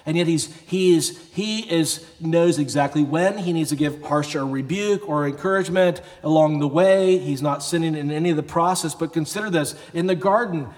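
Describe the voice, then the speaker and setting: A man's voice: a little high, moderate pace, few pauses, darkish tone, in a large hall. A pastor giving a conversational sermon, sometimes acting out the people he quotes, in a church sanctuary. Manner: conversational preaching, acts out quoted voices.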